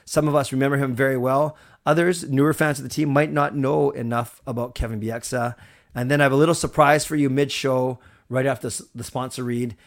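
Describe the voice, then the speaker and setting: A man's voice: medium pitch, fairly even intonation, fairly quick. Chatty, rambling male livestream host. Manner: chatty, rambling, thanks viewers. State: recovered from a cold. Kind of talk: casual live-stream chat.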